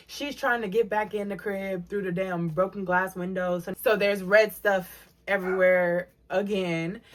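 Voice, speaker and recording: Young woman, storytime vlogger, animated, acts out quotes, mid-pitched voice. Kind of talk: storytime vlog.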